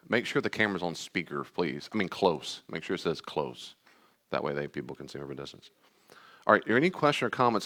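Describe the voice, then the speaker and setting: A man with a very deep voice teaches a live class on anxiety in a meeting room. He speaks emphatically, repeats his key points and often turns to the audience for questions. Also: fairly bright tone.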